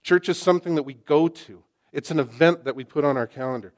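A man preaching a sermon to his congregation, impassioned and full of rhetorical questions, swinging from loud to hushed. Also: fairly high pitch, fast. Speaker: pastor. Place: church sanctuary.

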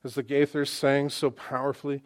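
A pastor in his sixties preaching a sermon, swinging between loud exclamations and hushed asides and repeating phrases for emphasis. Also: mid-range voice, completely flat delivery, moderate pace.

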